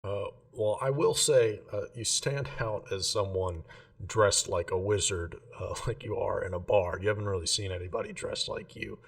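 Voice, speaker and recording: Male game master, low voice, relaxed rambling narration; recorded from a distance. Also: normal speed, vocal fry. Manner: relaxed, filler-heavy narration.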